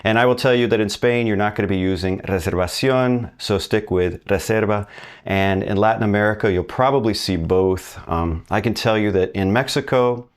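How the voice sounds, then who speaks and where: A man with a very low voice teaches a recorded language lesson. He talks in an upbeat, conversational way, quizzes the listener and stretches out example phrases slowly so they can repeat them. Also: clear, resonant tone. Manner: asks the learner questions and pauses for answers. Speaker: Spanish teacher.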